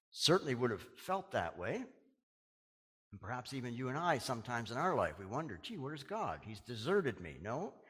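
Male pastor, animated sermon delivery with big pitch swings, recorded in a reverberant hall. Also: breathy edge. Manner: dramatic preaching, dropping to a hush on quoted words.

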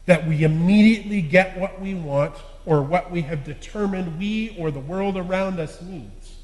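A fairly high-voiced man preaches in an earnest, confessional way, leaning hard on key words and letting sentence ends fall quiet. His voice rings through a church hall with a long, echoing reverb. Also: moderate pace. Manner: earnest, confessional, swinging between loud stresses and quiet endings. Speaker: lay preacher. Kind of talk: sermon.

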